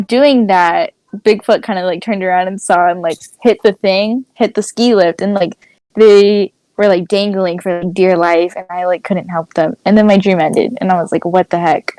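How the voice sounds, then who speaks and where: A young woman co-hosting a podcast, telling a dream story in animated casual chat, full of "like" fillers. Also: mid-range voice, dry recording, low-quality recording. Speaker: podcast co-host.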